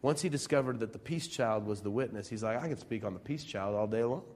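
A pastor from Central Illinois preaches a sermon in church, his voice on the low side and his pace quick. He speaks conversationally, asks the congregation many rhetorical questions, and shifts between loud emphasis and soft asides.

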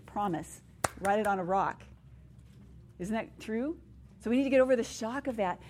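A middle-aged woman is preaching to other women in a relaxed, conversational way. She jumps from scripture to family stories with an easy laugh. A faint hiss of noise sits under her voice. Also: mid-range voice. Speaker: women's ministry speaker. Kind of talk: sermon.

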